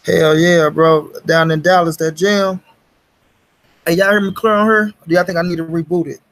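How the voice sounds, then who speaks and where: A man's voice: fairly high pitch, steady tone, normal speed, fairly bright tone. A young man hosting a casual livestream, talking straight to his chat in slangy, profane street talk. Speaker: livestream host.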